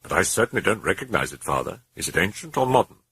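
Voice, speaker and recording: A man's voice: low voice, very animated, fast talker, creaky, fairly bright tone, breathy edge, no echo, exaggerated voice. A man voicing an obliging, courteous scholar at a language institute.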